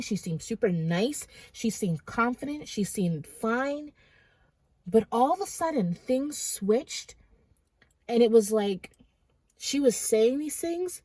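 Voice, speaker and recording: Husky-voiced woman retelling a dream. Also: mid-range voice, a little mellow, no room sound, poor audio. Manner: rambling, dramatic storytelling with many fillers. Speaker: Christian vlogger. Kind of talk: dream testimony vlog.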